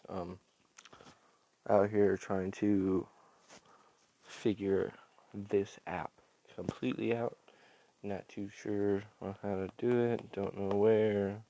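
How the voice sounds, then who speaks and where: A man hosting a casual podcast update, laid-back and rambling with many ums, sounding slightly hoarse from allergies. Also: lowish voice, dark tone, no room sound. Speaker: podcast host.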